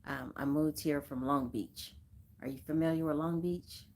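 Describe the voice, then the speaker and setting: A woman's voice: low-pitched, fairly even intonation, normal speed, a little mellow. A woman from Southern California hosting a casual livestream, chatting and greeting viewers by name with frequent laughs. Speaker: livestream host.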